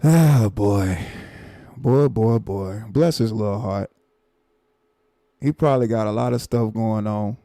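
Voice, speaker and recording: A man with a gravelly, mellow voice reacts on a live stream, repeating himself in exasperated disbelief. His sound is dry and close, with no room around it. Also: fairly low pitch, takes it slowly, pauses often, dry recording. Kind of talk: casual reaction commentary.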